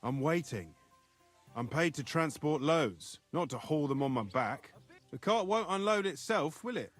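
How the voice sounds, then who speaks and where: A stubborn, grumbling carter in a video game. His voice sits a little high and moves around a lot as he complains. Faint music plays under the game audio. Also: lively intonation, a little slow. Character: surly male carter refusing to unload his cart.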